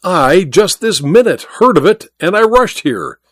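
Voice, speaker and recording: A man reading aloud, voicing an excitable dapper gentleman who talks in an agitated, urgent way. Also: a little high, slow, no room sound, clean studio sound, exaggerated voice.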